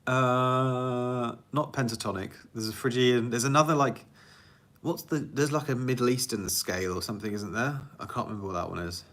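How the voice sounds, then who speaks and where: A man's voice: medium pitch, steady tone, moderate pace, fairly bright tone. A man, a music producer, answering viewer questions in a casual, rambling livestream chat and laughing often at himself. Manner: rambling, chatty, laughs often, self-deprecating.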